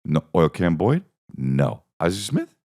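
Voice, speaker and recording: Gravelly low-voiced man riffing. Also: very animated, unhurried. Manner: profane, rambling riffs with repeated bits. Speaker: podcast host. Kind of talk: comedic podcast monologue.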